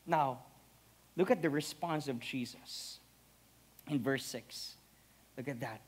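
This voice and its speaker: A young man with a Filipino accent preaching an animated sermon, mixing Tagalog and English. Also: high-pitched, normal speed, long pauses. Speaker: pastor.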